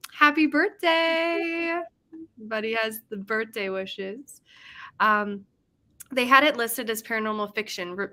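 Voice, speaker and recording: A young woman with a medium-pitched, sharp-toned voice hosts a casual livestream. She chats in a rambling way, laughs often, and reads out comments from the chat.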